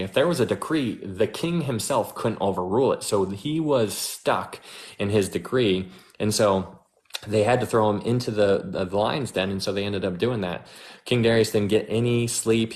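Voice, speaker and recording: A man giving a casual, animated Bible teaching as host, chatty and full of restarts. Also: lowish voice.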